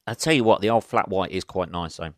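Sweary podcast host ranting. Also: male voice, low voice, quick pace, no echo, studio quality. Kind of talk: casual solo podcast rant.

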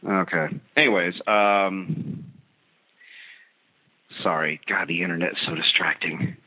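A man's voice: low-pitched, unhurried. Ranting man on a tinny radio line. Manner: ranting, sarcastic, animated storytelling. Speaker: radio talk show host. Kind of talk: comedic monologue.

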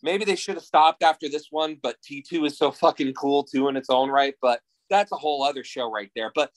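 A man in his thirties from New Jersey, a podcast guest telling stories in a casual, excitable and profane way. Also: a little high, brisk, rough recording. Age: 30s. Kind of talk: casual chat.

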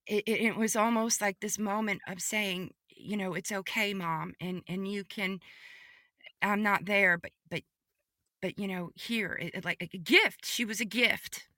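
A woman giving a podcast testimony, telling a personal story vividly and emotionally, often repeating phrases and moving between hushed and excited delivery. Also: mid-range voice, a little slow, dry recording, clean studio sound.

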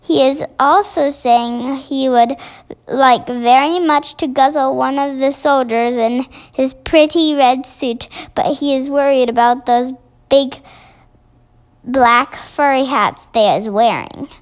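A woman reading the part of a big, gentle male giant who mangles his grammar, in a storybook reading. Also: high-pitched, slow pace. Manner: odd made-up words, broken grammar.

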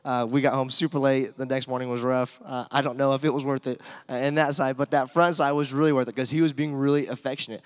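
A man delivers a sermon in an easygoing, chatty manner, reading scripture between stories. His voice sits at an ordinary pitch for a man. A long reverb tail hangs on his words, as in a large hall. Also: level tone, fast talker, few pauses. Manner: conversational, filler-heavy preaching with scripture readings. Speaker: pastor.

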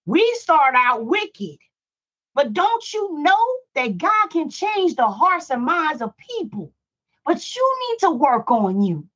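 A woman's voice: high voice, sing-song, slow, a bit bright. A middle-aged woman preaching a Bible study, emphatic and repetitive, full of rhetorical questions. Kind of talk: preaching to listeners. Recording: dull lo-fi recording.

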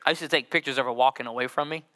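A middle-aged man preaching a sermon as pastor, joking with the congregation and drawing out scripture slowly. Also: mid-range voice, sharp tone. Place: church sanctuary with congregation.

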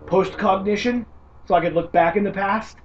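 A man chatting casually about tabletop horror games, an animated storyteller who swears freely. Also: high-pitched, normal speed. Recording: distant dull mic with faint background noise.

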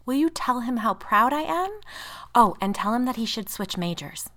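A woman's voice: a little high, big pitch swings, moderate pace, fairly bright tone, voice pushed up. A woman voicing a proud, doting ghost of an older grandmother, speaking cheerfully.

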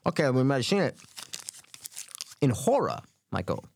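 A man's voice: medium pitch, very animated, normal speed, vocal fry, darkish tone. A man co-hosting a podcast in casual chat, rambling loosely and swearing as he talks. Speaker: podcast co-host.

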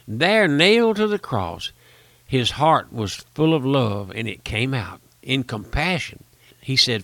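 A man's voice: mid-range voice, very animated, a little slow, fairly bright tone, dry recording. An older man preaching a folksy radio sermon, pleading with the listener and rising to emphatic peaks.

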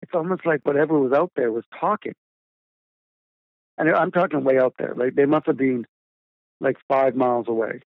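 A man's voice: medium pitch, normal speed, long pauses, dry recording. A man, a documentary filmmaker, telling a story in a rambling, casual way with repeated words and fillers. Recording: tinny phone line, dry.

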